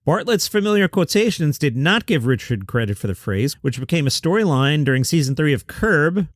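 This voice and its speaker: A man's voice: fairly high pitch, sing-song, a little fast, no echo, studio quality. Wry man hosting a comedy news show. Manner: wry, sarcastic asides. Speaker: comedy news podcast host. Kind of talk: reading press quotes with commentary.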